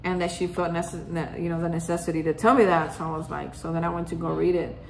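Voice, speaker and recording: A woman's voice: fairly low pitch, level tone, quick pace, vocal fry, a little hiss or hum. A woman hosting a daily reflection, telling a personal story in a casual way and acting out remembered conversations. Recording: roomy echo.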